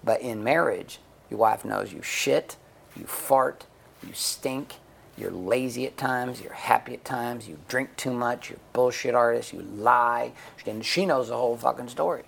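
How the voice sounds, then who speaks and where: A man's voice: mid-range voice, unhurried, creaky, fairly bright tone, slight background noise. A middle-aged man speaking bluntly and profanely in a candid interview, telling stories with acted-out quotes. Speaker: guest, men's coach and author.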